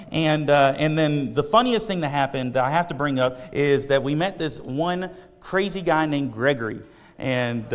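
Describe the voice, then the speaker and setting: A man with a slightly high voice preaches a sermon, telling a story in a loose, rambling way. He leans on fillers and restarts as he goes. His voice rings through a hall with a long reverb.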